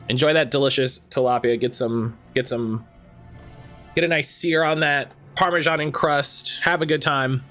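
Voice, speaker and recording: A man's voice: mid-range voice, fairly bright tone. A man casually commentating while livestreaming a game, rambling and chatty and laughing easily. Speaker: livestream gaming host.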